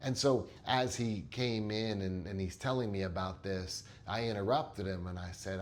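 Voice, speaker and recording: A man with a fairly low voice talks earnestly as a therapist recounting a session. His delivery is conversational, and he doubles up words as he starts each point. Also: normal speed, few pauses, slight background noise. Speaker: therapist and coach. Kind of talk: storytelling monologue.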